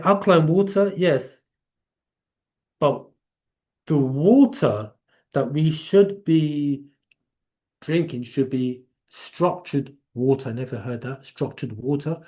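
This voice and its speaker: A man's voice: fairly high pitch, dark tone. A man with an English accent hosting a live Q&A, explaining in a casual, rambling way with many restarts. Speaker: host of a live Q&A.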